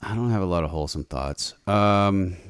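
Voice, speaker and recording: A low-pitched man talks into a studio microphone as a radio host, trading jokes in an easy, deadpan way. His voice is smooth and resonant, and the sound is close and dry with no room around it. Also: moderate pace, dry recording. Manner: joking, deadpan wisecracks. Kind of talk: casual on-air banter.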